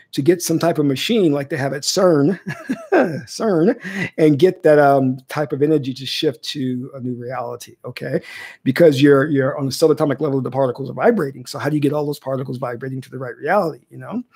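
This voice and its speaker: This man's voice runs high, with a darkish, slightly rough tone. Teaching spiritual ideas in relaxed livestream talk, he fields viewer questions, repeating phrases and frequently asking "okay?"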